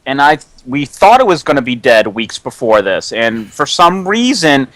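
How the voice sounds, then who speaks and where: A man co-hosting a casual chat podcast, speaking in a measured, deliberate way. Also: medium pitch, very animated, a bit bright, no room sound. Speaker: podcast co-host.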